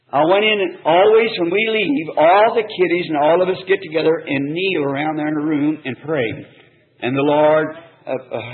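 A man preaching a sermon, telling a personal story in earnest, folksy country speech on an old, tinny tape. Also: a little high. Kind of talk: sermon testimony.

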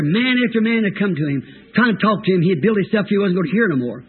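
A man preaching a sermon with a raspy voice, telling a story dramatically and with fervor. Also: sits high, expressive, quick pace. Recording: tinny phone-like old recording.

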